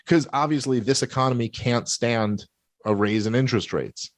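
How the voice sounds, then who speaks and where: A man's voice: medium pitch, normal speed, no echo. A man on a podcast rambling emphatically in a casual monologue, with some swearing.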